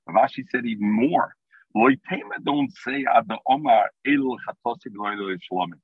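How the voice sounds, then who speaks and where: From the car as he drives, a man with a mid-range, husky voice and no room sound teaches a Talmud class over the phone. The line sounds tinny, and his English explanation is peppered with Hebrew and Aramaic.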